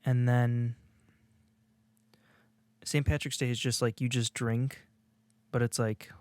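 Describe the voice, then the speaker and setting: A man's voice: medium pitch, little pitch movement, slow, clean tone, no room sound. A man co-hosting a casual podcast, rambling through his thoughts with lots of fillers and restarts. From Illinois, USA. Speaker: podcast co-host. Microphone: video podcast studio mic.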